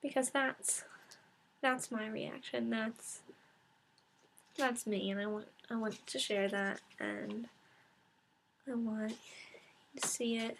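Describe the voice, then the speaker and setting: A woman records a casual book review, half-whispering and close to tears as she talks. Her voice sits fairly high but stays flat, with a lot of gravelly fry. She pauses often and restarts her sentences. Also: a little hiss or hum.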